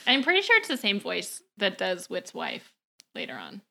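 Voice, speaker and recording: A woman's voice: mid-range voice, huge pitch swings, moderate pace, creaky, bright, forceful tone. A woman in a casual podcast chat who agrees often and adds to the story with short remarks. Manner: agreeable, chimes in with frequent yeahs.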